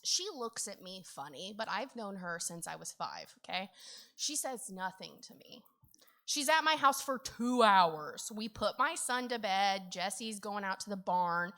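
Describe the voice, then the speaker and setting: Lively, bright-voiced woman presenter. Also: fairly high pitch. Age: middle-aged. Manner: animated storyteller, laughs often, says "okay?" a lot. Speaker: conference presenter on county finance. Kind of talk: conference training talk with anecdotes.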